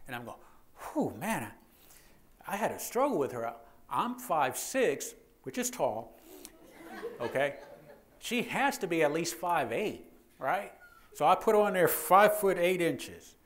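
A police officer gives a training lecture in a fairly high-pitched voice, speaking a little slowly and pausing often over slight background noise. He's a lively, joking storyteller who often repeats words and checks in with the audience by asking "okay?".

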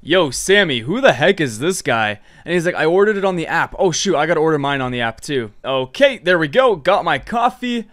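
A man giving excited, slangy commentary over a role-play game, reading other players' chat aloud. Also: fairly high pitch, normal speed, hardly any pauses. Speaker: gaming creator.

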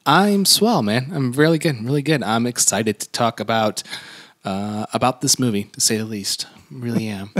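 A man's voice: medium pitch, normal speed, fairly bright tone. A man joining a casual podcast as a guest, teasing and playful.

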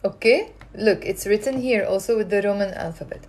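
A woman runs a live language lesson into her phone. She talks in a lively, coaxing way and repeats words for learners to drill. Her pitch sits in the middle range. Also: fairly quick. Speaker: Lebanese Arabic teacher.

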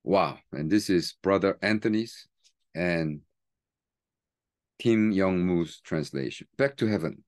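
Deep-voiced man reading poems aloud. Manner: chatty and conversational, reading poems aloud slowly and softly. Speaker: seminary teacher and pastor. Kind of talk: book talk with poetry reading.

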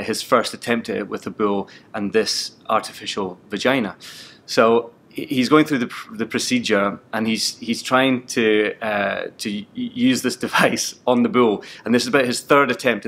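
A man's voice: medium pitch, fairly bright tone. A man, an actor and audiobook narrator, telling a funny anecdote in a casual, amused way, chuckling and restarting now and then. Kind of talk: casual anecdote for a promo video.

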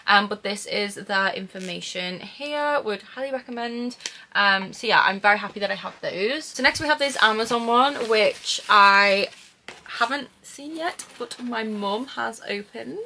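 A woman's voice: mid-range voice, unhurried, sharp tone, slight background noise. A young woman vlogging an unboxing at home, gushing and emotional about her books. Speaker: book vlogger. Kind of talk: casual unboxing vlog.

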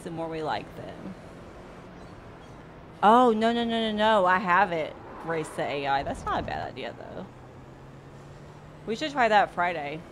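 A young woman chats with her stream while racing, her pitch jumping all over and her words coming slowly. She laughs easily, swears under her breath, and talks into a desktop mic with faint car noise underneath. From Mississippi, US South. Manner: chatty, laughing often, swearing. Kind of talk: casual live-stream chat with viewers while racing. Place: home sim racing setup. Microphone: desktop USB microphone.

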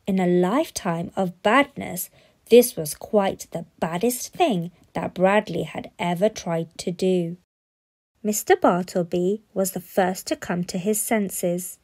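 A woman reading a children's storybook aloud in an expressive, playful way. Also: on the low side, takes it slowly.

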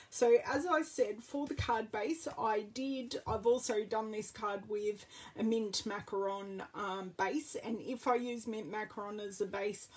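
A woman's voice: on the high side, husky. An Australian woman giving a casual live card-making demo, chatting with viewers as she works. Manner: chatty, greets live viewers while working. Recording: distant, off-mic sound.

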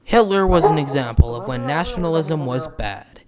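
A man's voice: on the high side, expressive, normal speed, over a noisy crowd. A man narrating a school project, reading his script plainly.

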